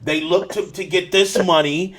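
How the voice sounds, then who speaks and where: A man's voice: high voice, fairly even intonation, moderate pace, a bit bright. A man hosting a casual gaming podcast, talking bluntly and repeating himself as he rants. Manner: blunt, repetitive, restarts often. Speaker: podcast host.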